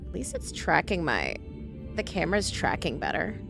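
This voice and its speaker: A woman's voice: low voice, wildly swooping pitch, normal speed, creaky. A woman live-streaming a video game, chatting casually and talking to her pet as she plays, with faint game music underneath.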